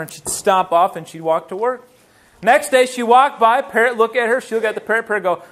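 A man preaching a sermon in a church, lively and full of rhetorical questions to the congregation. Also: very high voice, a little fast. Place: church sanctuary.

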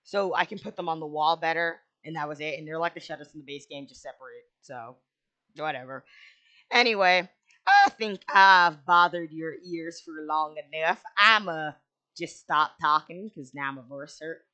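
A woman's voice: low voice, normal speed, pushed and bright. A young woman hosting a gaming video, rambling casually with lots of fillers and self-deprecating asides. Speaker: gaming channel host. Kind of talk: casual speed-build commentary.

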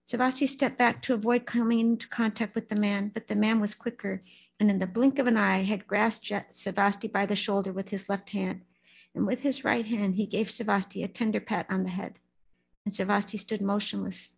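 A woman at a Buddhist service reading a story aloud in a steady, storytelling manner, sometimes stumbling on names. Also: medium pitch, a little fast, vocal fry, breathy edge, poor audio. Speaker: lay speaker at a Buddhist service.

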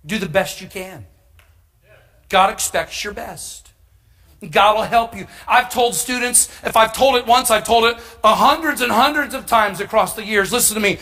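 A middle-aged pastor preaches through a personal story in a high, bright, forceful voice at normal speed. Humorous and animated, he punches key lines with sudden emphatic shouts in this storytelling sermon.

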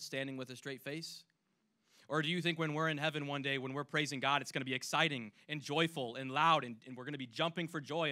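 A youth pastor delivering a sermon in a bright, forceful voice that sits a little high for a man. He talks earnestly, sinking to a hush on key points and then lifting back to full, loud emphasis. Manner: earnest, swings between hushed and loud emphasis; acts out imagined voices when quoting.

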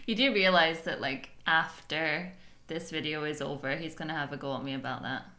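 A woman's voice: low-pitched, normal speed, pushed and bright. A Scottish woman co-hosting a reaction video in casual chat, chatty and self-mocking, laughing often. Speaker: reaction channel co-host.

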